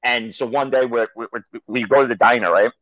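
A man's voice: medium pitch, fairly even intonation, a little fast, dry recording. Blunt, cussing man on dull dry audio. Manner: profane, blunt storyteller. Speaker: podcast co-host. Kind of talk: casual sports chat.

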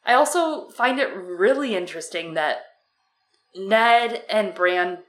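A woman's voice: medium pitch, expressive, takes it slowly, fairly bright tone, reverberant, low-quality recording. A young adult woman co-hosting a casual book discussion, reading passages aloud with playful asides. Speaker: podcast co-host.

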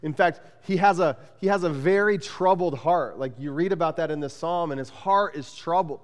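A man's voice: fairly high pitch, moderate pace. A man preaching a sermon as pastor, speaking conversationally with frequent "like" and restarts, in a church sanctuary. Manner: conversational, repeats "like" and restarts often. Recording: long hall reverb.

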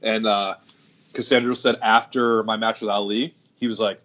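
A man's voice: on the low side, little pitch movement, normal speed, fairly bright tone. A middle-aged man and professional wrestler telling rambling, profanity-laced road stories in casual podcast chat.

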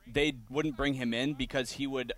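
Blunt Midwestern podcast co-host. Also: male voice, medium pitch, fairly even intonation, moderate pace, fairly bright tone, no echo. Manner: blunt, critical, profane. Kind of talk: casual commentary and storytelling.

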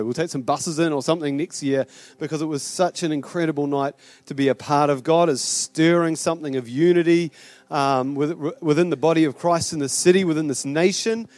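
A man's voice: a little high, fairly even intonation, moderate pace, darkish tone, dry recording. A middle-aged man with a New Zealand accent preaching a sermon as pastor, chatty and rambling with fillers and restarts.

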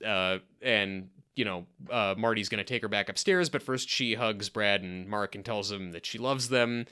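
A man chatting casually as a podcast co-host, recapping a sitcom with animated acting-out of lines and frequent restarts. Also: moderate pace, clean tone. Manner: animated, acts out quoted lines with big pitch jumps; frequent restarts and repeated words.

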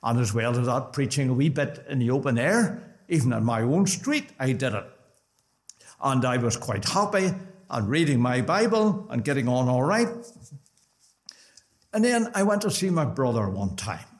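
Lively Northern Irish preacher telling testimony. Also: male voice, medium pitch, normal speed. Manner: conversational storytelling with lively rises. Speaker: preacher giving his testimony. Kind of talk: personal testimony at a gospel meeting. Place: gospel hall.

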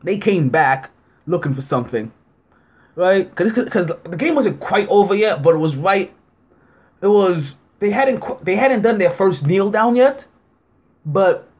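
Hosting a sports podcast, a man spins a casual, animated story, playing both sides of an argument with his pitch rising. He fills his speech with "like" and laughs often.

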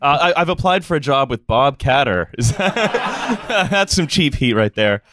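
A man's voice: mid-range voice, sing-song, a little slow, noisy background. A male podcast host opening a live comedy show on stage, rambling with lots of "uh" and "um" and laughing at his own jokes. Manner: rambling, filler-heavy, laughing.

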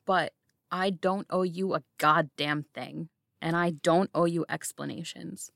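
Woman as a defiant young woman, blunt, swearing, very low voice, slow, dry sound. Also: steady tone, creaky, fairly bright tone, no echo.

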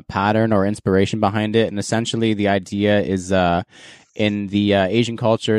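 A man's voice: on the low side, smooth, no room sound, clean studio sound. A man hosting a casual podcast, moving the talk along and reviewing sneakers in an easygoing way. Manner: relaxed, hosting and giving sneaker reviews with laughs. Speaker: podcast host.

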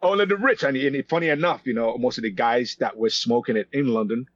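Husky fifties guy, animated storyteller, full of restarts, dull dry recording. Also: medium pitch, brisk, no room sound. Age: 50s. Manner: animated, repetitive restarts, lots of "you know". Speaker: podcast guest, actor. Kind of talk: casual storytelling interview.

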